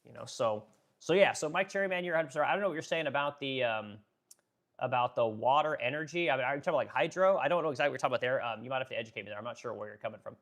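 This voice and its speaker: Fast-talking blunt male livestreamer. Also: medium pitch, fairly bright tone. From Pacific Northwest, Oregon. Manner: blunt, profane, rambling with many fillers. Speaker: livestream host reading chat. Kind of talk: casual livestream chat.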